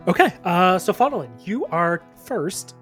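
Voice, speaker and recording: Relaxed man running a tabletop game. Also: sits high, unhurried, soft background music. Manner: relaxed, playful narration with fillers. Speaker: dungeon master.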